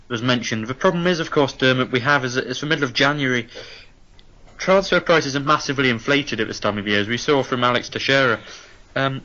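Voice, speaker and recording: Deadpan guy hosting a football call-in show, super polite, sharp bright voice. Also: mid-range voice, dull audio. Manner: deadpan, overly polite and formal. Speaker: podcast co-host. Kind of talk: mock-formal radio phone-in hosting.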